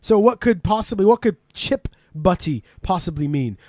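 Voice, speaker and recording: Man, host, from Canada, high voice, dry mic, laughing, swearing, quizzing. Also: expressive, normal speed, a little mellow, dry recording. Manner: laughing often, swearing freely, quizzing the guest. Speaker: podcast host. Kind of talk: casual podcast chat. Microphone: remote call.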